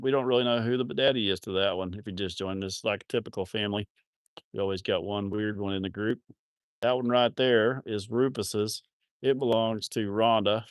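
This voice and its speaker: A cattle farm channel host chats casually on a livestream, reading viewer comments and rambling with crude, self-mocking humor. His voice runs on the low side, and the studio sound is clean with no echo.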